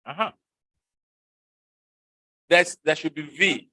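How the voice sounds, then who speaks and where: A man's voice: fairly high pitch, expressive, slow pace, pauses often, bright, forceful tone, no echo, low-quality recording. A man teaching an usage lesson in a classroom, questioning and coaxing his students to answer.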